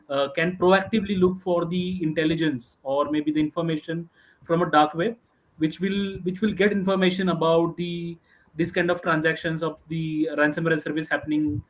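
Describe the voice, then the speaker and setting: A man, relaying audience questions to the panel in a measured way. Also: fairly high pitch.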